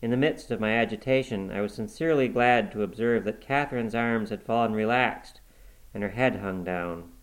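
A man reading a classic novel aloud in a measured, dramatic first-person narration. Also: fairly low pitch, poor audio. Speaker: audiobook reader.

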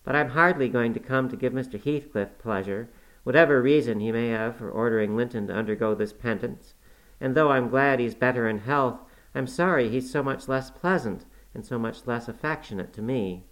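A man reading an audiobook voices a spirited, willful teenage girl with a quick, petulant manner. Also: mid-range voice, fairly bright tone, natural voice, rough recording. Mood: complaining.

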